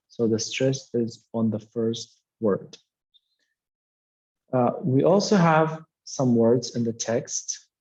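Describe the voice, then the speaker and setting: A man's voice: mid-range voice, slow, darkish tone, dull audio. A man teaching an English lesson, explaining patiently and repeating key words with frequent "okay" fillers. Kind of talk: classroom explanation.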